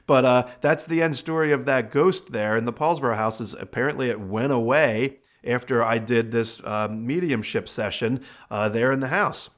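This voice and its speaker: A man who is a host and medium tells a family story in a loose, easygoing, podcast-style manner. His voice is middle-pitched, and he's relaxed and chatty, filling pauses with casual asides and fillers like "uh" and "you know."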